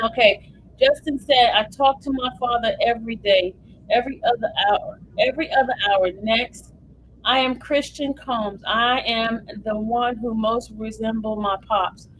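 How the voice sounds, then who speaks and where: A woman hosts a livestream and talks her viewers through updates as they come in, swinging between eager and emotional. Her voice sits a little high, with a faint hiss of noise underneath. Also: low-quality recording. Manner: animated, emotional, addresses viewers as y'all. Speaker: livestream host. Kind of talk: live commentary reading updates aloud.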